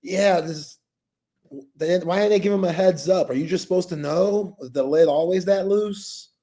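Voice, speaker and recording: A man's voice: high voice, normal speed, warm tone. Laughing slangy male sports co-host. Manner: loose, slangy, laughs often. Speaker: sports talk show co-host. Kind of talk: casual sports chat.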